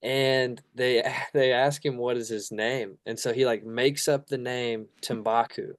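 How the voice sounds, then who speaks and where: Brief: man, band guest, smooth clear mid voice, relaxed amused storyteller, dry close mic. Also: medium pitch, unhurried, no room sound. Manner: relaxed, amused anecdote telling. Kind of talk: casual storytelling.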